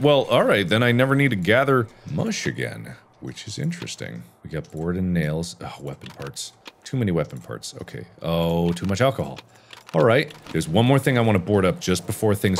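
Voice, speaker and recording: A man doing jokey commentary while playing a horror game, muttering low then shouting in fright. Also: big pitch swings, normal speed, gravelly, slight background noise. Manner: jokey, swings from mutters to loud shrieks. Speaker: gaming YouTuber.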